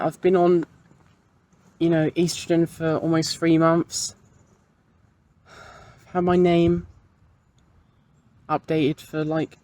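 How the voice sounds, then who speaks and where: A young trans woman with a low-sitting, mellow voice talks directly to the camera in a video diary. She is frank and candid, sprinkling in plenty of casual fillers.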